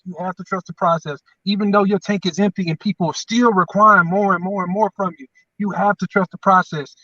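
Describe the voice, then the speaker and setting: A man's voice: high-pitched, a bit bright, no room sound, far from the mic, muffled recording. A man, co-hosting and talking in an emphatic, repetitive, preacher-like way. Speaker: podcast co-host. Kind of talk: motivational casual chat.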